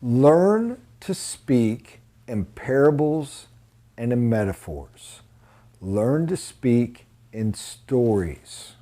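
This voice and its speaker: A man giving a sales training talk, animated and emphatic, blunt and informal, with sudden loud high bursts. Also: very slow.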